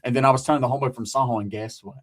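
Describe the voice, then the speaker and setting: A man's voice: medium pitch, very fast. A man from California telling a story in a casual, profane way, acting out other people's voices. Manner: profane, animated, acts out quoted voices. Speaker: guest recounting his past.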